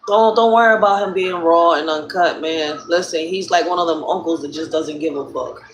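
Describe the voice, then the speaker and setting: A hoarse woman with a Philadelphia accent hosting a casual livestream, telling stories bluntly with plenty of profanity. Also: deep voice, brisk, highs cut off, slight background noise. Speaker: live stream host. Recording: roomy echo.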